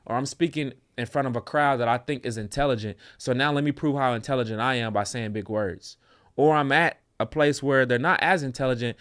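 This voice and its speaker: A man co-hosting a casual reaction show, speaking in an animated, opinionated way. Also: mid-range voice, dry recording, studio quality. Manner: animated, opinionated, slips into mocking voices. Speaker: co-host.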